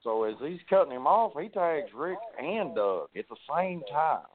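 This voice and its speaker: A man, a wrestling guest telling profane, animated stories and acting out the dialogue. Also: fairly high pitch, moderate pace. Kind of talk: casual storytelling on a podcast. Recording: tinny phone-like line.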